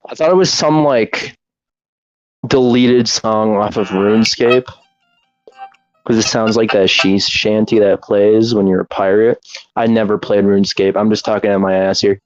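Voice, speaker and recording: A young man co-hosting a casual podcast, joking around with deadpan, rambling humor. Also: lowish voice, unhurried, muffled recording, soft background music. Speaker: podcast co-host. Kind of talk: casual chat.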